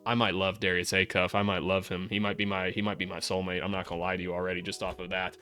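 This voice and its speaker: A young man casually breaking down basketball game film, excitable, cursing freely and talking to the players on screen. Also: sits low, fast talker, soft background music. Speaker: host breaking down draft prospects.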